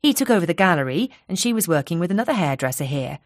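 A woman voicing a chatty, cheerful young hairdresser with a soft Isle of Wight burr, talking in a friendly, bubbly way. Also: lowish voice, very animated, fast, no room sound, studio quality.

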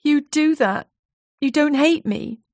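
A woman's voice: medium pitch, expressive, moderate pace, no room sound, clean studio sound, pitched above the performer's own voice, lightly acted. A woman voicing a distressed young woman who speaks in a raised, insistent, emotional way. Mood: tearful.

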